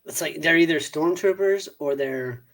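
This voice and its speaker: A man co-hosting a casual movie review podcast, animated and profane, often laughing and acting out scenes. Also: on the high side, normal speed, gravelly. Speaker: podcast co-host.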